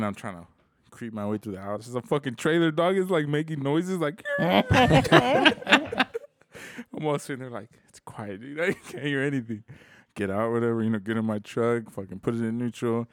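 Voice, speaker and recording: A man's voice: medium pitch, fairly even intonation, a little fast, darkish tone, smooth, dry recording, studio quality. A young man co-hosting a podcast, telling a story in casual chat, swearing a lot and laughing as he goes. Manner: swears a lot, laughs through his stories. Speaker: podcast co-host.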